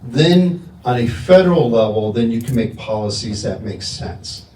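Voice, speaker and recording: A man on a conference panel, explaining in a halting way with frequent restarts. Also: medium pitch, lively intonation, mellow, slight background noise. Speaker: panelist answering audience questions. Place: conference room. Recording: echoey room, mic held at a distance.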